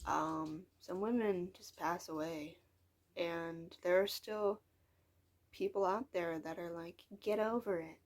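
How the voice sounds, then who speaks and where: A woman's voice: on the low side, steady tone, takes it slowly. An eighteen-year-old woman talking in a casual vlog monologue, frank and frustrated, rambling and dropping into whispered asides. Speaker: vlogger.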